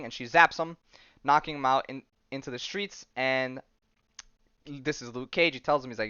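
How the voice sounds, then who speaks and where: A young man hosts a casual comic recap in a smooth, resonant voice of middling pitch. He rambles with enthusiasm and stumbles through restarts and slangy asides. The sound is dull and lo-fi in a dry, deadened space. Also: a little fast, pushed and bright, no echo. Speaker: podcast host.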